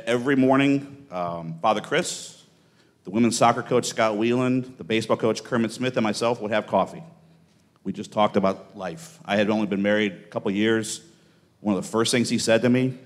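A man with a somewhat low voice giving a tribute at a memorial gathering. He talks in a relaxed, reflective manner, often pausing on an um. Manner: relaxed, reflective, with frequent ums. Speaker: tennis coach. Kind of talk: memorial speech. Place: event hall.

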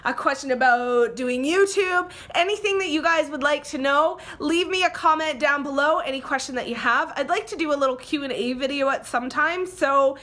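A woman chats to her beauty channel's viewers in a high, lively register. Her tone is bright and upbeat, and she runs through her giveaway rules with easy, friendly chatter. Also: moderate pace, hardly any pauses. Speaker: beauty YouTuber. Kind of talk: casual chat to camera.

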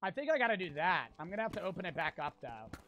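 A young man with an American accent, streaming a game live and talking to his chat, profane and quick to get frustrated. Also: high voice, big pitch swings, lo-fi sound. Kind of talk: casual livestream gameplay chat.

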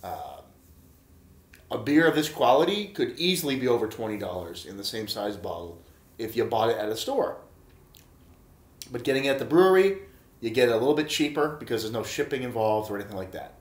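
A man's voice: medium pitch, very animated, fairly quick. Enthusiastic man reviewing beer, echoey room. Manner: enthusiastic, chatty, repeats himself and addresses viewers as guys. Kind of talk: casual beer review vlog.

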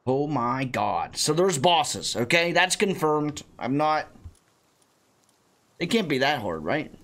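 Young man, let's-play commentary, lively high voice, excitable, joking, unhurried. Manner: excitable, jokey, bursts into shouting. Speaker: gaming YouTuber playing a creature-catching game.

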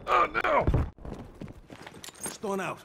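A man's voice: extremely high pitch, big pitch swings, very slow, creaky. A man joking, swearing and taunting while gaming with a friend over a headset. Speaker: gaming teammate. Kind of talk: casual gaming banter. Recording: loud game noise behind voice.

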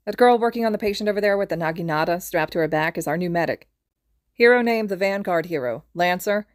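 A woman voicing a friendly male teammate giving quick updates in a fan podfic. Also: on the low side, dry recording, clean studio sound, close to an everyday voice. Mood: upbeat. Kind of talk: podfic character reading.

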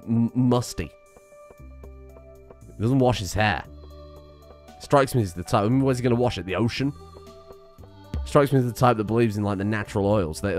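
Sweary man narrating gameplay. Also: lowish voice. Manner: sweary, sarcastic, animated outbursts. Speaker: gaming streamer. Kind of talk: casual let's-play commentary.

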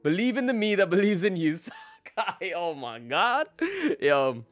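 A man's voice: high voice, expressive, a little slow, fairly bright tone, dry recording, faint music behind. A young man live-streaming a game, casually greeting his chat by name and laughing often.

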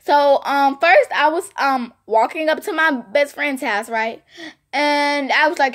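A woman's voice: sits high, a little slow. A woman vlogger telling a casual storytime to her viewers, rambling and repeating phrases for emphasis. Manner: animated, speaks to viewers directly.

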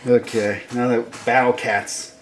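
Excitable man for casual unboxing narration, unhurried, prone to muttered asides and cursing. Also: mid-range voice, slight background noise. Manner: excitable, gushing, swearing, mumbled asides. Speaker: toy unboxing vlogger.

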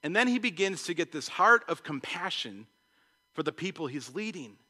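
A young male pastor delivers his sermon with a high, bright voice, firing off thoughts in passionate bursts and restarting his sentences. His voice trails off into a long reverb that fills the church hall. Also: big pitch swings. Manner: passionate, fast-talking preacher with many restarts and acted quotes. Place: church sanctuary.

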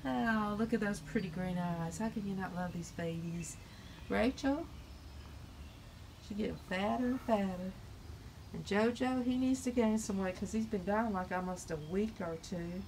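A woman's voice: medium pitch, measured pace, a little mellow, a little hiss or hum, low-quality recording. A woman, vlogging outdoors and cooing at her cats in baby talk. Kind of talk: casual pet vlog. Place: outdoors by a house.

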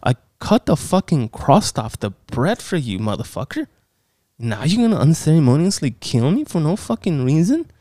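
A man's voice: on the high side, big pitch swings, normal speed, warm tone, dry recording, clean studio sound, voice pushed up. A man voicing a fed-up young woman who is sarcastic and profane. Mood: indignant. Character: fed-up young woman, foul-mouthed and indignant.

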